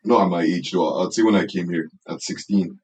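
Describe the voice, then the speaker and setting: A young man with a Nigerian accent speaks in a deep, husky voice. His talk is casual and slangy, peppered with "bro" and oaths. He chats like an easygoing podcast co-host. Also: fairly quick, a little mellow, rough recording. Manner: slangy, repeats "bro" and "I swear". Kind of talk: casual chat. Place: Canada, recorded on a call.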